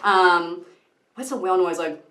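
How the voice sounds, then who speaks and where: A woman's voice: lowish voice, a little slow, bright, forceful tone. A woman vlogging casually at home while doing her makeup, rambling and joking crudely, filmed on a camera mic that is sometimes far from her. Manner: chatty, rambling, crude jokes, lots of fillers. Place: room at home. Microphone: camera mic, at times far from it. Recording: echoey home room.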